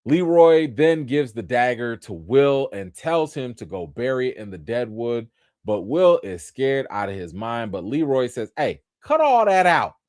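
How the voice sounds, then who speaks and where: An animated man reviewing a TV episode live, his voice leaping up and down as he explains. He talks casually, with slang and plenty of fillers. The sound is dry and close, with no room around it. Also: mid-range voice, dry recording. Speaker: show reviewer. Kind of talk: livestream review commentary.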